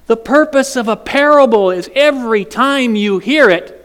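A man's voice: very high-pitched, expressive, normal speed, a bit bright, in a large hall. A man preaching a sermon, dramatic and questioning the congregation directly. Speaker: pastor.

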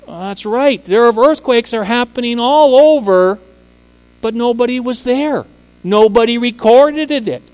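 A man's voice: high-pitched, smooth, big-room sound, poor audio. A man preaching a sermon, speaking emphatically and rising to impassioned peaks on key words. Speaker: preacher and teacher.

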